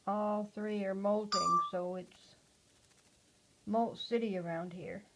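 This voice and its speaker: Slow, soft-cooing woman at home. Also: medium pitch, fairly even intonation, heavy background noise. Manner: soft, cooing talk to a pet, often hushed. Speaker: pet owner talking to her parrot. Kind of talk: casual home video chat.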